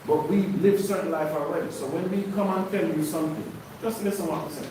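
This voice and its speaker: A man's voice: fairly high pitch, a little fast, dark tone. A man leading a sermon-style Bible study for a congregation, preaching with call-and-response questions. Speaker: teacher of a congregation. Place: congregation hall. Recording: very echoey room, far from mic, noisy.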